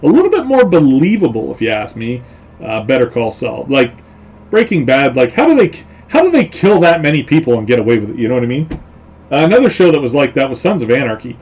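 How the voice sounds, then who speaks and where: A man's voice: medium pitch, big pitch swings, fast, a little mellow, husky, lo-fi sound. A man hosting a casual live stream, rambling along with lots of fillers and repeated phrases. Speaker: host.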